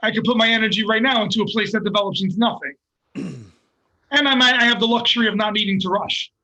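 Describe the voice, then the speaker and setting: A jiu-jitsu coach and guest, a man telling animated, profane stories in casual podcast chat. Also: sits high, fast talker, muffled recording.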